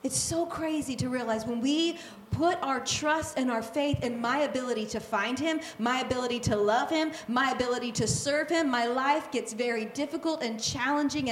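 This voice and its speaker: A woman preacher giving an animated, conversational sermon, with quick asides and repetition for emphasis. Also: high-pitched, echoey room, a little hiss or hum.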